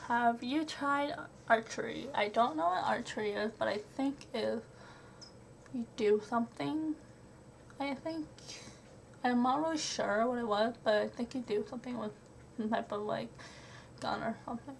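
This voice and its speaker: A woman's voice: on the high side, moderate pace, creaky, pauses often, slight background noise. A young woman answering a list of questions in a home vlog, hesitant with lots of ums and little laughs. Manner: hesitant, many ums, giggly. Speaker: vlogger. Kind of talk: question-and-answer tag video.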